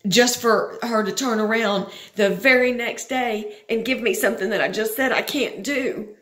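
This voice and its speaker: A woman's voice: on the high side, moderate pace, a bit bright, reverberant. A woman, venting in a rambling, frustrated personal vlog and swearing now and then. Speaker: vlogger.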